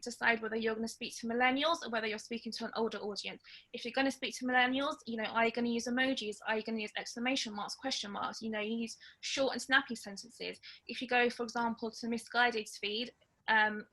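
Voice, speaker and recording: A woman giving a webinar talk, blunt and straight to the point, sometimes loud. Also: fairly high pitch. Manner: lively, loud in places. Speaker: webinar guest speaker. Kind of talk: webinar talk on social media strategy.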